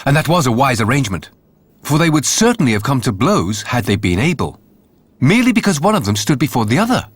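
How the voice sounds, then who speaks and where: A man narrating a fairy tale in an expressive storytelling manner. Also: mid-range voice, fast talker, slightly rough.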